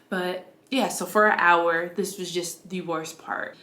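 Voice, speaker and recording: A young woman, casually telling her own story to the camera and acting out her past cries in a high voice. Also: steady tone, a little slow, pushed and bright, roomy sound. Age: young adult.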